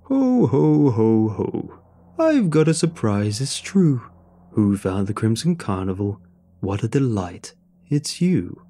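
A man's voice: on the low side, sing-song, takes it slowly, dark tone, heavily acted. A man voicing a jovial but menacing carnival clown who speaks in sing-song rhyme.

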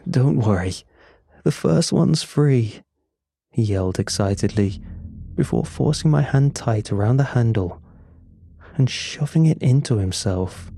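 A man narrating a first-person horror story in a slow, somber, scripted telling. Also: on the low side, warm tone.

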